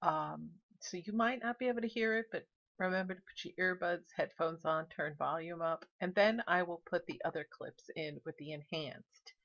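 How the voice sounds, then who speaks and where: A woman's voice: on the low side, normal speed, a bit bright, highs cut off. A woman vlogger narrating casually, chatty and explaining each step. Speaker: paranormal vlogger.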